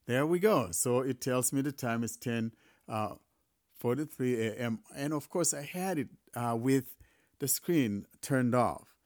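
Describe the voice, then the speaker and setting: Man, casual tech demo host, chatty, laughs easily, middle pitch. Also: a little slow. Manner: relaxed, chatty, laughs at mishaps. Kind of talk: casual spoken tech demonstration.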